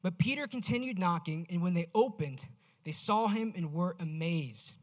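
A man preaching a sermon in a casual, animated storytelling manner. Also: high voice, normal speed.

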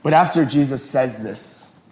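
A male pastor giving a sermon in an animated, conversational way. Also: mid-range voice, measured pace. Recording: roomy echo.

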